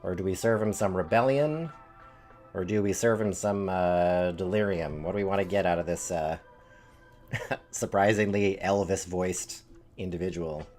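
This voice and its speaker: Low-voiced male game streamer. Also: a little slow, a little mellow, soft background music. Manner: chatty, thinks aloud with fillers. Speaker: streamer playing a story game. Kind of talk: casual live-stream commentary.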